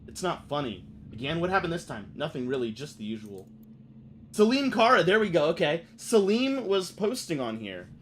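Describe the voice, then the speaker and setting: Very animated and fairly high-pitched, the man talks at a normal speed while streaming his game, with a little hiss or hum in the background. His commentary is loose and full of swearing as he reacts to on-screen text.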